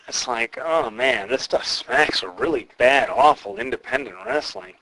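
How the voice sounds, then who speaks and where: Rambling, opinionated man with a bright voice. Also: mid-range voice, very animated, moderate pace, creaky, low-quality recording. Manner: rambling, opinionated, many fillers. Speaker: podcast host, wrestling promoter. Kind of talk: casual podcast commentary.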